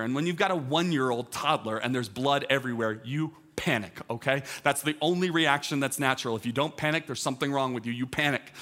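A man's voice: fairly high pitch, pushed and bright. A teaching pastor in his thirties giving a conversational sermon, telling a personal story with lots of restarts and "like".

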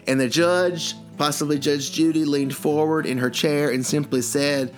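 A man's voice: mid-range voice, steady tone, normal speed, few pauses, soft background music. Chuckling man telling jokes. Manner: playful storyteller, chuckling through his jokes. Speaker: co-host. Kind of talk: joke-telling comedy chat.

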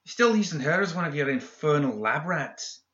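Storybook villain: a snide, high-voiced uncle doctor, done by a male narrator; bright, roomy, dull sound. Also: lively intonation, moderate pace. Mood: sarcastic. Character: sneering sarcastic middle-aged male doctor, the uncle.

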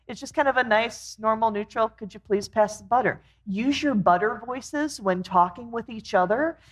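A middle-aged woman co-hosting a faith-based marriage talk, chatty and warm, quoting scripture. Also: mid-range voice. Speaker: co-host.

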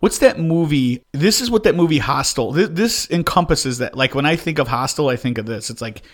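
Animated man telling stories on a podcast. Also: on the high side, fairly quick. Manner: animated storyteller, quotes people in raised voices. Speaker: podcast co-host. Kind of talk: casual chat.

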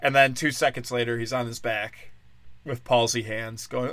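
A drunk man rambling through an unscripted solo podcast rant. He talks crudely, swinging from loud bursts to mumbled asides. His voice sits at an ordinary pitch, close on the mic in a dry, dead room. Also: steady tone, normal speed, no echo. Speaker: podcast host.

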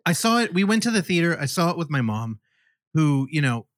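A man co-hosting a podcast, chatting casually about horror films, animated and swearing freely. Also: fairly high pitch, a little fast, dry recording. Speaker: podcast co-host.

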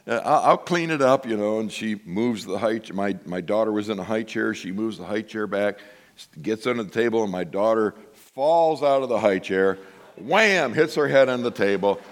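A middle-aged man preaching a sermon as pastor, telling a personal story with hushed asides and loud exclamations. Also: on the low side.

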